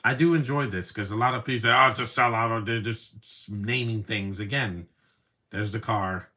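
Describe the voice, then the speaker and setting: A man's voice: fairly low pitch, normal speed, pushed and bright. A man giving casual live commentary over a movie, rambling from one opinionated aside to the next.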